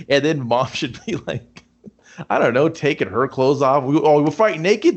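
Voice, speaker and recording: Animated man riffing on a movie. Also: a little high, slight background noise. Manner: animated, acts out characters in quick voices. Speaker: podcast co-host. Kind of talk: casual movie review chat.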